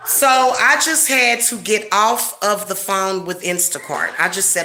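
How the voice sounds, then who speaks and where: In an echoey room with faint noise, a middle-aged woman who works as a spiritual reader and hosts a channel vents to her viewers. Her medium-pitched voice is measured in pace and sharp in tone as she rants casually, profanely and emphatically about what irritates her.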